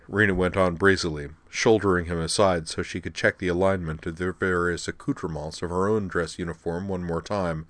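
Deep-voiced male audiobook narrator. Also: fairly even intonation, a little fast, hardly any pauses, fairly bright tone, dry recording. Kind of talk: scripted narration.

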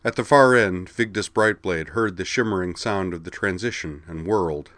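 A man narrating a fantasy story in a steady, even reading voice. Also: low voice, normal speed, no room sound.

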